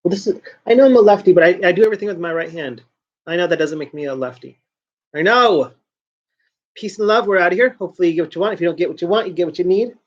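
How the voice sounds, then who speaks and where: A man's voice: high-pitched, lively intonation, fast, lo-fi sound. A man hosting a joke news show from home, rambling and self-mocking as he talks at his computer. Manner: rambling, joking, self-mocking, trails off and restarts. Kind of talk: casual rambling talk to camera.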